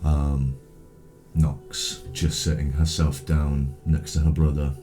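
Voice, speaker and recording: A man narrating as game master, his voice extremely deep and his delivery very slow. He paints each scene in a measured, descriptive way. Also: flat delivery, mellow, soft background music. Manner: measured, scene-setting with fillers.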